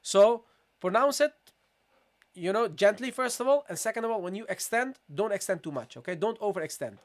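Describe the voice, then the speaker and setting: High-voiced man teaching recitation patiently. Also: lively intonation. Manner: patient, repeats questions to viewers, models pronunciations slowly. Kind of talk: live online tajweed lesson.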